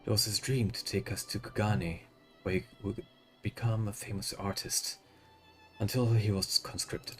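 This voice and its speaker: A man voicing a gentle, sorrowful village widow, in soft, measured speech. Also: lowish voice, fairly even intonation, soft background music, close to an everyday voice.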